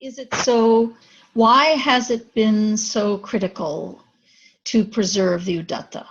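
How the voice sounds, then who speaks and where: A woman's voice: mid-range voice, steady tone, takes it slowly, a little hiss or hum. A woman student asking questions in a class. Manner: inquisitive. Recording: dull lo-fi, from far off.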